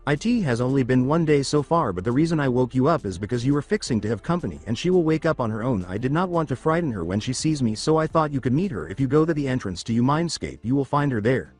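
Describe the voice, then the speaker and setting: A man voicing an ancient male fox demon in a fan storybook reading, in a plain, lively voice. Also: medium pitch, fast talker, hardly any pauses, soft background music, lightly acted. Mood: wary.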